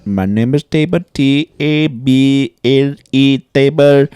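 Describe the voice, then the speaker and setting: A man putting on the voice of an overly formal male call-center representative, speaking slowly in a higher put-on voice. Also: warm tone, clear, resonant tone, no echo, studio quality, close to an everyday voice. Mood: stiff, formal. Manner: slow, drawn-out, higher put-on voice.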